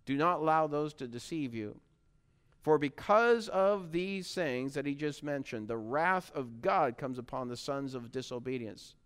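A man preaching a sermon to his congregation, earnest and steady, rising to emphatic bursts when he reads scripture. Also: a little high, unhurried, smooth.

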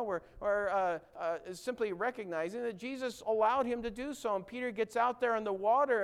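A man's voice: sits high, smooth. A man preaching a sermon, earnest and direct, asking his listeners questions and acting out quoted lines with growing force.

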